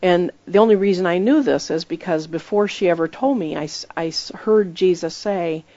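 A woman's voice: lowish voice, normal speed, warm tone, dry recording, dull audio. A woman preaching in a conversational sermon style, telling stories emphatically and acting out the voices she quotes.

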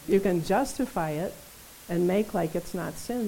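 A woman preaching a sermon in a conversational, animated way, often checking in with her listeners. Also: mid-range voice, moderate pace, creaky, slight background noise, rough recording. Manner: conversational, animated, tag questions.

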